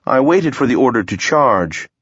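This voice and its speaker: A man's voice: medium pitch, lively intonation, moderate pace, a bit bright, breathy edge, dry recording. A man narrating a first-person fantasy audiobook in a wry, understated way, recorded with a dull, dry sound.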